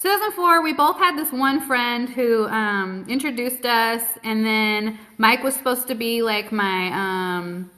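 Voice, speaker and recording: A woman with a high, bright, sharp voice chats live from home into her phone. She is blunt, cheerful and swears freely, talking with her mouth full between bites. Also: takes it slowly, few pauses. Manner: blunt, cheerful and heavily profane; talks with her mouth full while eating. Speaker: host of a live keto Q&A stream. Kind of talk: casual live-stream chat while eating.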